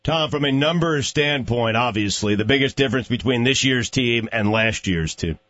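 Co-host, man, mid-pitched, dry replies, muffled radio sound. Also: moderate pace, fairly bright tone. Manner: dry, short agreeing replies. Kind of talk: sports talk radio banter and ad reads. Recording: dull, band-limited radio audio.

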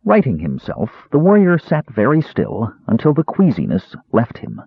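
A man narrating a fantasy audiobook with a very expressive delivery. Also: medium pitch, normal speed, vocal fry, slightly rough, no echo. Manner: very expressive, wide-ranging delivery. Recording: dry, tinny phone-like sound.

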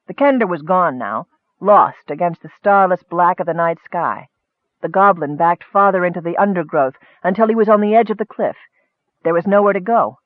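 High-voiced male fantasy narrator. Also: normal speed, no room sound. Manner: steady storytelling, rising for action. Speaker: audiobook narrator. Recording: dry, tinny phone-like sound.

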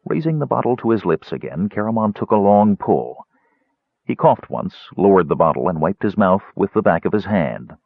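A man narrates a fantasy audiobook in an expressive, dramatic reading with a fairly low, lively voice. The recording is dry and somewhat dull. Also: moderate pace, gravelly, husky, no room sound. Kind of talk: scripted narration.

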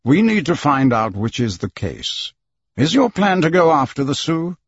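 A man playing a calm, resolute English gentleman who speaks in a measured, clipped way. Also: fairly high pitch, husky, dry recording, lo-fi sound, voice pushed up. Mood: firm.

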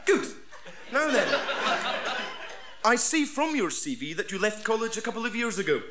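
A man's voice: high voice, sing-song, normal speed, noisy background. A man doing a gushing Scottish interviewer. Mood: mock-nice. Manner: gushing, mock-polite. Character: falsely sweet male job interviewer. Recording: live audience laughing.

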